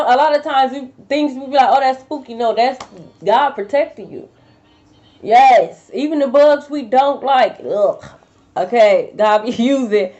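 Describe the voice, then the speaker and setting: A woman's voice: on the high side, a little mellow. A young woman giving a casual tarot reading to her viewers, blunt and profane, full of slang. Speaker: tarot reader. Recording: dull lo-fi recording.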